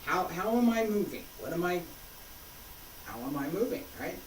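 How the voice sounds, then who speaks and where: A woman's voice: on the low side, expressive, normal speed, slight background noise. A woman martial arts instructor talking a class through moves, patiently cueing each step as she demonstrates. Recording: roomy sound, mic far off.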